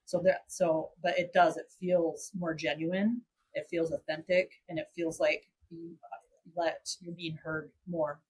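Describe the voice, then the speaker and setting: A woman co-hosting an interview, replying in a soft, affirming way with small hesitations. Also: sits low, level tone, a little slow, a little hiss or hum, low-quality recording.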